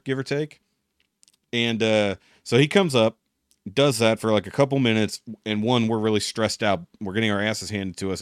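Speaking in a fairly low voice over a dry, clean studio recording, a young man co-hosting a podcast spins an animated story. He curses freely in the casual chat and performs the voices of the people he quotes.

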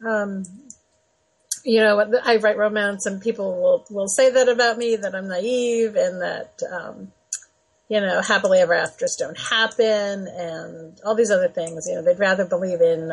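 A woman's voice: medium pitch, unhurried, husky, rough recording. A woman in her forties hosting a radio talk show, chatty and earnest, laughing often.

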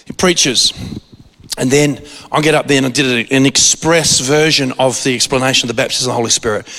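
A man preaching a sermon, telling a story in an animated way with frequent restarts. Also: mid-range voice, brisk. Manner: animated, restarts often, acts out quoted voices. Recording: long hall reverb.

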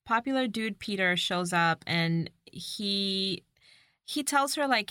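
Woman, co-host, casual chat, playful, acts out lines, bright voice, dry close sound. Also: medium pitch, lively intonation, slow pace, no echo. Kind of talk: casual chat recapping a movie.

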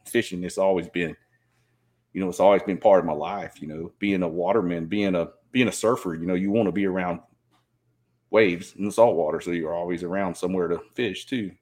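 A man's voice: low voice, brisk, a little mellow. A man, rambling casually as a podcast guest and filling his talk with "you know". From Southeast Georgia. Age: 50s. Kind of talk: casual chat.

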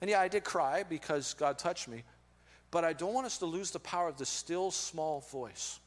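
Pastor, male, 40s, high voice, lively storyteller who goes soft and earnest, big hall reverb. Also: moderate pace. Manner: animated storytelling, drops to soft earnest tones. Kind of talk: sermon. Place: church auditorium. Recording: long reverb of a large hall.

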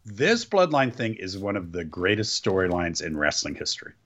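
A man's voice: low voice, big pitch swings, normal speed, a bit bright. A man in casual chat as a co-host, giving enthusiastic, opinionated takes. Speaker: podcast co-host.

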